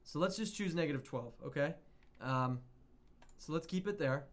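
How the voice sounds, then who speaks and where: Here the music production lesson comes from a man whose voice is slightly high, with lively intonation and a moderate pace. He rambles in a chatty, casual way, frequently stopping to correct himself.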